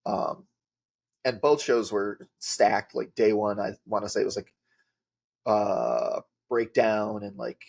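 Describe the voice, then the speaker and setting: A man's voice: lowish voice, expressive, slow pace, vocal fry, a little mellow, a little hiss or hum. A man, a podcast guest telling rambling casual stories with lots of filler words. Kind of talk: casual storytelling.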